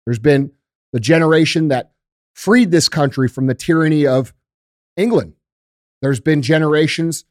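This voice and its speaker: A man's voice: on the high side, no echo, studio quality. A young man hosting a show, giving a heartfelt, emotional monologue to his viewers with earnest passion and some swearing. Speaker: show host.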